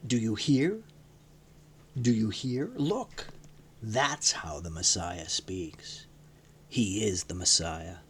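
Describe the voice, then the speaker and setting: A man voicing a gruff, pushy red-bearded male zealot who growls and gives orders. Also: on the low side, lively intonation, slow, pauses often, a bit bright, slight background noise, pitched below the performer's own voice, full character voice. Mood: gruff urging. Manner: growling, commanding.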